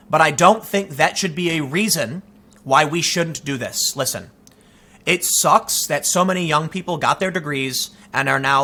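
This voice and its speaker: Bright-voiced man ranting casually. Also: fairly high pitch. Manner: animated, storytelling with quoted asides and restarts. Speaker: political commentator host. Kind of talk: casual opinion monologue.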